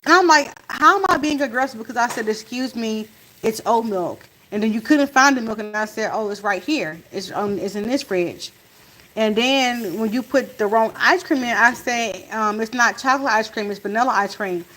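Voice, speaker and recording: A woman in a casual storytime chat, retelling events in an animated way and acting out what was said, while cooking in her home kitchen. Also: a little high, moderate pace, a little hiss or hum, rough recording. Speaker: family vlogger. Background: faint sizzle of frying food.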